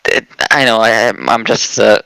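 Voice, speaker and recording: A man co-hosting a comedic read-through, halting and joking in asides. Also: on the low side, fairly even intonation, bright, forceful tone, no echo, poor audio. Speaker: co-host reading a story aloud. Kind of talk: casual comedic reading. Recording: clear background noise.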